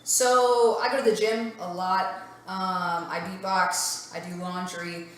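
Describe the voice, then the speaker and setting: A woman's voice: fairly low pitch, slow pace. Dry, sassy English woman in an echoey room. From England. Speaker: guest actress. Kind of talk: comedic interview chat.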